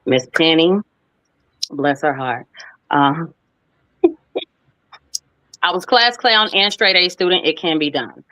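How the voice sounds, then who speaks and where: A woman in her thirties from the US, a guest actress telling stories in a casual interview, lively and playful. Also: low-pitched, slow pace, long pauses, no echo. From United States. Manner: lively, playful, animated when retelling stories. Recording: dull lo-fi, dry sound.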